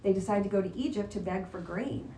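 Speaking fast in a dark-toned, medium-pitched voice, a woman runs a relaxed Bible lesson and keeps firing questions at her class in a chatty way. There's a roomy echo with faint noise behind her.

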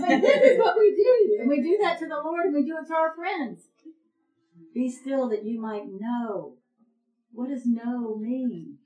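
Animated middle-aged woman preacher. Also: a little high, reverberant, poor audio. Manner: animated storytelling with quoted dialogue. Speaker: women's ministry speaker. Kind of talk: storytelling sermon to women.

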